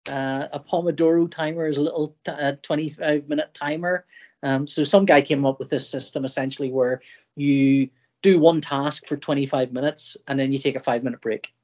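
A man's voice: on the high side, fairly even intonation, fairly quick, darkish tone. A middle-aged man from Northern Ireland, a comic artist guest in a casual podcast chat, who rambles, breaks off mid-sentence and acts out his own thoughts.

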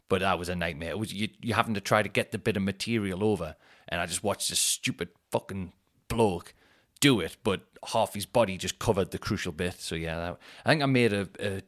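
A man's voice: low voice, a bit bright. A man hosting a casual solo podcast, rambling and self-deprecating, swearing now and then. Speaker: comedian podcast host.

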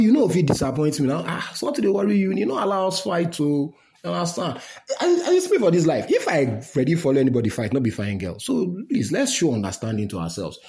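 Brief: middle-aged Nigerian man, lively swinging delivery, mocking casual rant, laughs through lines. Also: fairly high pitch. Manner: mocking, animated, laughs while talking. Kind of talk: casual rant in pidgin and English.

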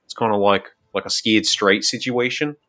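A man's voice: on the low side, steady tone, normal speed, sharp tone. A man playing a tabletop game, talking in a rambling, hedging way and correcting himself as he goes. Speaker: player. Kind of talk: casual tabletop game play.

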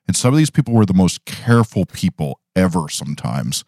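A man's voice: low voice, sing-song, brisk, darkish tone, no room sound, studio quality. A man co-hosting a podcast in casual chat, wry and sardonic. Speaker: podcast co-host.

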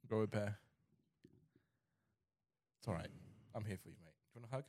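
A man co-hosting a casual podcast, full of teasing, joking banter. His voice sits fairly low and he talks quickly. The sound is close and dry. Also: warm tone, dry recording. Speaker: podcast co-host.

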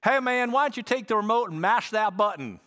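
An easygoing young Southern roommate, friendly and slangy, as a preacher puts him on in a sermon. The voice jumps far above the speaker's own pitch into a light, high register. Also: male voice, expressive, brisk, bright, forceful tone. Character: Southern male college roommate, easygoing drawl.

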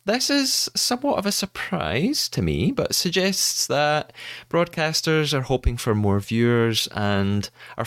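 A man hosting a podcast, presenting a scripted segment in an upbeat, animated way. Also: mid-range voice, smooth, no room sound, studio quality. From United Kingdom. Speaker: podcast host.

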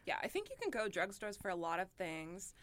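A woman's voice: medium pitch, huge pitch swings, a little fast, a bit bright, no echo, clean studio sound. A young woman co-hosting a podcast, chatting animatedly about makeup with lots of fillers. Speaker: podcast co-host. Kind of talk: casual beauty chat.

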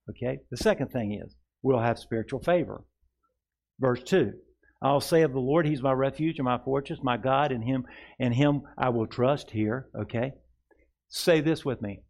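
A male pastor preaching a sermon, reading scripture aloud and leading the congregation in slow repeated declarations. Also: medium pitch, darkish tone. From rural upbringing. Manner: leads the congregation in slow call-and-response declarations; reads scripture aloud, then asks "Amen?" and "All right?".

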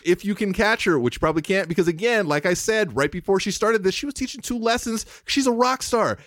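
A man's voice: sits high, animated, fast talker, a bit bright, dry recording, clean studio sound. A man co-hosting a podcast in casual chat, heartfelt and emotional, rambling and restarting his sentences. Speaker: podcast co-host.

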